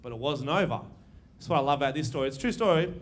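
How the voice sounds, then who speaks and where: A young Australian man doing a crude, brash live stand-up routine, telling stories with quick asides. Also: on the high side, expressive. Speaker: stand-up comedian. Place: comedy venue stage.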